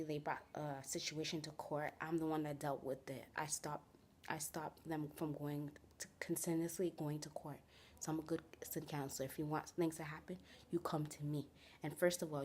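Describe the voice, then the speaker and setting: A young woman tells a story to her vlog audience. Her voice sits fairly low, and she jumps between quoting her mother, an official and herself with lively energy. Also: a little hiss or hum. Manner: animated retelling, voicing each person in turn. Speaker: vlogger. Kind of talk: storytime vlog, retelling a family dispute.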